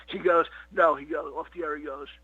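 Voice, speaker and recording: A man's voice: on the high side, fairly even intonation, a little fast, breathy edge, no room sound. A middle-aged man, a comedian being interviewed, telling stories in a rambling casual way, full of "you know what" and "he goes". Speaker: comedian guest. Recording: dull lo-fi dry recording.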